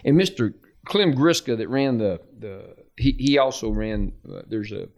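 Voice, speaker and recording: A middle-aged coach telling old stories in a folksy, animated way. He laughs through his anecdotes and acts out the people in them. His voice sits at an ordinary pitch for a man. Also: normal speed, muffled recording. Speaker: football coach guest. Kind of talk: storytelling in a podcast interview.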